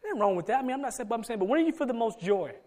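Middle-aged guy preaching, high-pitched voice, goes loud then quiet, really dynamic delivery. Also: expressive, rapid-fire. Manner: dynamic preaching, swinging from loud emphatic calls to soft low asides. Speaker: pastor. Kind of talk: sermon.

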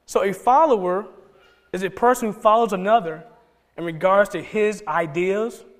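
A man pastor preaching a conversational sermon to his church, with many restarts and bursts of excitement. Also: sits high, in a large hall. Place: church sanctuary.

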